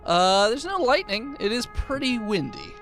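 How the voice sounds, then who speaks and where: A man narrating a tabletop game as game master, animated and teasing the players. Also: very high voice, moderate pace, faint music behind.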